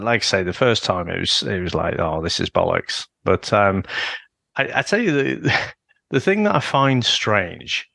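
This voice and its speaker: Male co-host, low gravelly voice, rambling and profane, dry sound. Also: sharp tone, dry recording. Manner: rambling, swears freely, many restarts. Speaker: podcast co-host. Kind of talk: casual chat.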